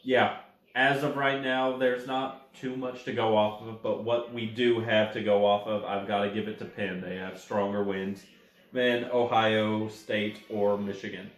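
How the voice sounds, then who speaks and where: A man's voice: fairly low pitch, steady tone, unhurried. Guy ranking football teams, chatty, talks to the teams, takes his time, roomy echo. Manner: chatty, addresses teams directly, corrects himself. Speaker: college football ranking host. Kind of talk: casual sports commentary.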